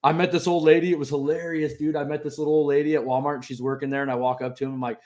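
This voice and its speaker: A man being interviewed on a podcast, telling stories in an animated, casual way and acting out the people in them. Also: on the high side, rapid-fire, a loud crowd. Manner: animated storyteller who acts out the people in his stories. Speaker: podcast guest, truck show organizer.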